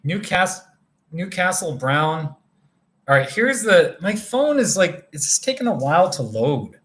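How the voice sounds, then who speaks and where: A man's voice: on the high side, sing-song, measured pace, fairly bright tone. A tired man hosting a casual livestream from a motel room, rambling as he chats with viewers by name. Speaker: livestream host reading viewer chat.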